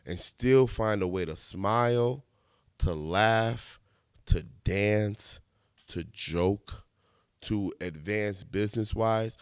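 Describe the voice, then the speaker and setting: A man from the United States giving a casual, animated monologue with slangy asides and laughs at himself. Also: on the low side, smooth, no room sound, clean studio sound. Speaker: video essayist.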